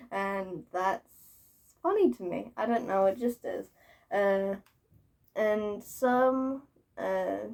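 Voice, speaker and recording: A woman's voice: mid-range voice, gravelly, a little mellow. A woman vlogger ranting casually to camera, swearing freely, giggling and mocking herself, repeating words for emphasis.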